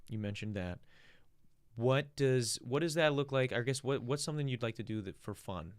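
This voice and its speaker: A man's voice: mid-range voice, moderate pace, clear, resonant tone, no room sound, clean studio sound. A man hosting a podcast, laid-back and casual, swearing freely and calling his guest bro and dude. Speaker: podcast host. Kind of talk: casual chat.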